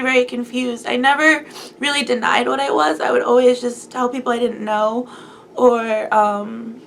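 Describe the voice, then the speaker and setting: A woman's voice: fairly high pitch, creaky, slight background noise. A young woman in her twenties talking through a personal vlog, emotional and close to tears, rambling with many fillers. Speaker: vlogger.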